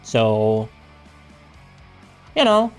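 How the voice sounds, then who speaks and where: A man's voice: on the low side, very animated, very slow, clean tone, faint music behind. A man with a German accent, a native German speaker, chatting casually with his viewers while streaming a game, answering them aloud with frequent restarts. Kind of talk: casual live-stream chat.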